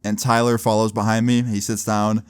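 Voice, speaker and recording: A man's voice: fairly low pitch, little pitch movement, moderate pace, smooth, no echo, studio quality. A young man telling a casual, rambling story about a party, full of "like" and "bro" fillers. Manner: rambling, slangy, lots of "like" and "bro".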